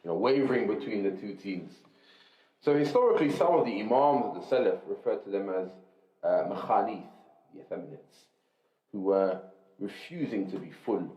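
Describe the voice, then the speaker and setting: A man reads a religious text aloud to a class in a measured, explanatory way, pausing to gloss Arabic terms. His voice sits low. The recording is lo-fi and muffled, with noticeable room echo. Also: lively intonation. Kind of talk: reading a text aloud with brief asides. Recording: roomy, dull lo-fi recording.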